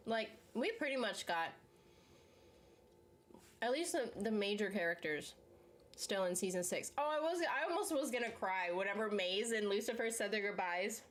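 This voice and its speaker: A young woman running a channel talks about a series while she eats, speaking at normal speed in an animated, mid-range voice. She wanders from point to point, saying "like" constantly and laughing often.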